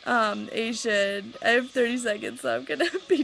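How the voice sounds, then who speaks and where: A woman's voice: on the high side, normal speed, creaky, hardly any pauses, a bit bright, a little hiss or hum, rough recording. A young woman ranting casually to her webcam at home, rambling and sarcastic with lots of filler words. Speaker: vlogger.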